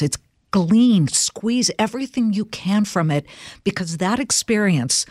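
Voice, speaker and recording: A woman from California hosts an interview in a mid-pitched voice, emphatic and encouraging as she speaks to her listeners. The sound is dry and close-miked, with no room echo. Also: measured pace, darkish tone. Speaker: host. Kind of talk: interview host.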